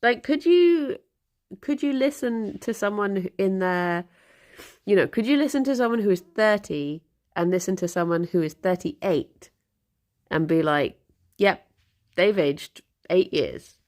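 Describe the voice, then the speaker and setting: Slow, chatty woman streamer. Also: mid-range voice, animated, darkish tone. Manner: rambling, chatty, talks to her pets. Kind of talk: casual chat. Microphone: desk microphone.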